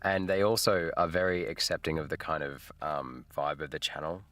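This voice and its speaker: A man's voice: very deep voice, steady tone, normal speed, a bit bright, dry recording. A middle-aged man, hosting a casual livestream chat, laid-back and rambling, laughing often. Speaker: livestream host. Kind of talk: casual live chat with viewers.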